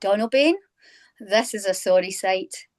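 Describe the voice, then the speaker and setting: A woman's voice: mid-range voice, natural voice. A woman reading the lines of a shaken male nobleman in a script exercise, echoing cue words, over a phone on a video call. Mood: tense. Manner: plain, halting reading with echoed cue words. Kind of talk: script read-aloud exercise.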